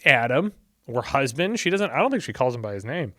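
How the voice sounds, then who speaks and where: A man's voice: mid-range voice, big pitch swings, quick pace, dry recording, clean studio sound. A man hosting a channel, reading scripture casually with chatty asides and tangents.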